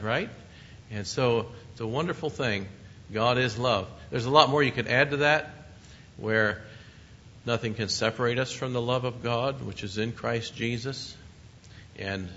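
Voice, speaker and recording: A man's voice: fairly low pitch, pushed and bright, a little hiss or hum. A man preaching a sermon in a conversational way, with asides to his listeners and short chuckles. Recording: muffled lo-fi recording.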